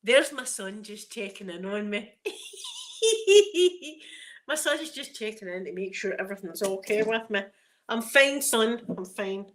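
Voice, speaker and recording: A woman's voice: medium pitch, huge pitch swings, unhurried. A Scottish woman chatting casually while showing viewers around her home, rambling and laughing often, on a phone she carries around. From Scotland. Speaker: ASMR channel host.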